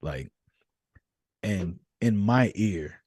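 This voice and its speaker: A man hosting a podcast, telling stories in a casual, profane, animated way. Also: on the low side, extremely slow, breathy edge, no echo, studio quality. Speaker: podcast host. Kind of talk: casual chat.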